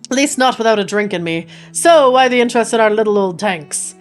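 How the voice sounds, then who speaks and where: Picture a blunt, hearty little engineer with a thick Scottish brogue, his voice sitting fairly high as a woman puts him on. Faint music plays under the game dialogue. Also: animated, a little fast, natural voice. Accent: put-on Scottish. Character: small gruff male engineer with a put-on Scottish brogue.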